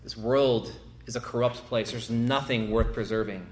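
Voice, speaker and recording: A man's voice: medium pitch, steady tone, normal speed, roomy sound. A male pastor delivering a sermon, emphatic and prone to repeating words as he builds a point.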